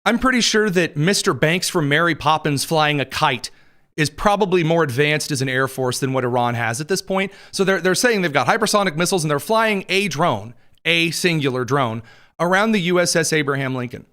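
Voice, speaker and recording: A man's voice: on the high side, lively intonation, pushed and bright. A man hosting a political news show, commenting with sarcastic asides and jokes, his throat a little dry. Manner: wry, quick asides, laughs at own jokes.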